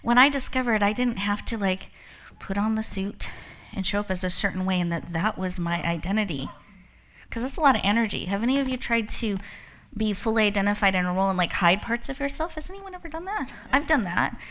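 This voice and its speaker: At an event, a woman with a medium-pitched, brisk voice gives a motivational talk. She fills it with personal stories, tells them with animation, and laughs often.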